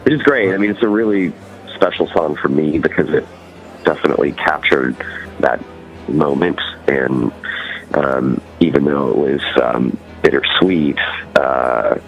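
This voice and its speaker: A man's voice: rumbling low, gravelly, highs cut off. A man with a Californian accent, a musician guest chatting loosely in an interview, rambling and full of fillers. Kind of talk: casual interview chat.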